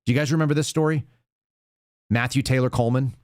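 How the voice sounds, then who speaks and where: Guy hosting his own commentary show, blunt and fed up, rambly, mid pitch, dry close sound. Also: steady tone, fast, a little mellow, dry recording. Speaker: show host.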